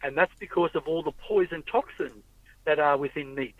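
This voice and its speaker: A man's voice: fairly high pitch, normal speed, no room sound. Man rambling, tinny storyteller. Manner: rambling storyteller, acts out quoted people. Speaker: podcast host. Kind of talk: casual chat. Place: in a car. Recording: tinny phone-like audio, dry.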